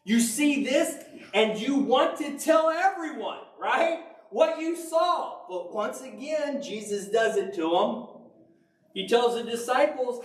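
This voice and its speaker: A man delivers a conversational sermon and tells stories with plenty of jokes. His voice is very high, and he speaks at an unhurried pace. The sound is roomy and distant, as if the microphone sits well away from him. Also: animated. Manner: casual, jokey, storytelling. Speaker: faith podcast speaker.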